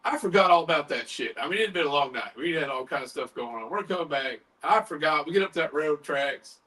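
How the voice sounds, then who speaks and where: A man's voice: a little high, fast talker, recorded from a distance, rough recording. A man hosting a paranormal talk stream, telling a story in casual chat and acting out what others said, with the odd swear. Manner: animated, retells others' words in quotes, swears casually. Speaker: paranormal podcast host.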